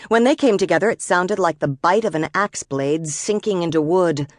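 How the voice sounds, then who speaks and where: A woman narrating an audiobook in a measured, expressive storytelling manner, recorded close in a studio. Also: lowish voice, dry recording.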